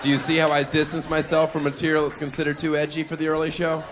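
A brash male stand-up comic delivers provocative bits with wry asides. His voice sits a little high. A live club crowd and room noise fill the background. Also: completely flat delivery, fast talker. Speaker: stand-up comedian. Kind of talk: stand-up routine. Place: comedy club stage.

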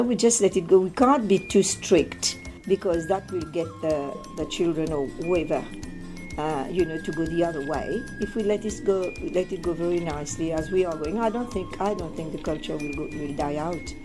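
A woman's voice: lowish voice, normal speed, over music. An older woman, answering interview questions in a thoughtful, hesitant way with frequent fillers. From Mauritius.

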